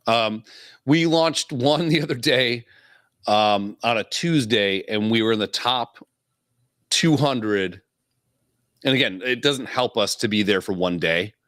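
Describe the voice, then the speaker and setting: A man's voice: fairly low pitch, fairly bright tone, dry recording, studio quality. A man co-hosting a podcast, talking casually and swearing freely, with frequent chuckles. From Illinois. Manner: laid-back, profane, chuckles often. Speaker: podcast co-host.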